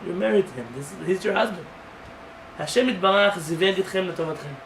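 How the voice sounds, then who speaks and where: Animated rabbi lecturing in a roomy space. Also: male voice, sits high. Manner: tells stories with acted dialogue, animated; reads Hebrew quickly, then translates it. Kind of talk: sermon-style lecture. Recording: roomy sound from a distant mic, faint noise.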